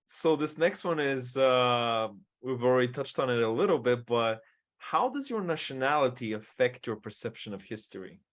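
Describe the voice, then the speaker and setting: A man's voice: mid-range voice, animated, normal speed. A man hosting a podcast round table, reading out questions and tossing in playful remarks. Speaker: podcast host asking the questions. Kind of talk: casual round-table chat.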